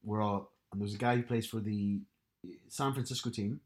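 A man's voice: lowish voice, fairly even intonation, brisk. A man co-hosting a podcast, chatting casually with dry, teasing humor. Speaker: podcast co-host. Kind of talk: casual chat.

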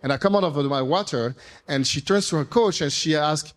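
Animated man telling rambling stories. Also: on the high side, brisk. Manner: animated, rambling, with playful swearing. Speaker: entrepreneur speaking to an audience. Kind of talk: casual storytelling talk. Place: event room with audience.

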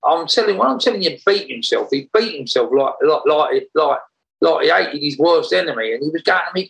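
A man recounting a story in a casual interview, animated and rambling, often laughing as he talks. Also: high-pitched, a little fast, gravelly, low-quality recording. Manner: animated, laughs while telling, rambling restarts. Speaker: interview guest.

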